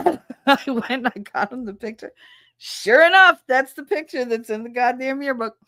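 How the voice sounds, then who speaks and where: Pitched high and brisk, her voice comes through clean and dry like a studio recording. She's a woman in her thirties on a livestream, a chatty storyteller who swears freely and laughs often while talking casually with viewers.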